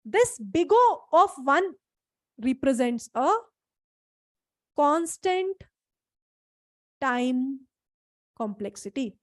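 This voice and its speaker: High-voiced woman teaching a live class. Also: sing-song, drawn-out words, long pauses, no echo, clean studio sound. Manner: explains step by step, checks in with students. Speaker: instructor. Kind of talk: live online class lecture.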